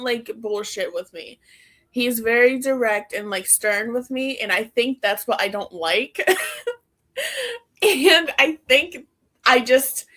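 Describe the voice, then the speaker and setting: On this podcast, a young female co-host talks in a fairly bright, high-leaning voice. Her casual conversation is peppered with "like" and frequent laughs between sentences.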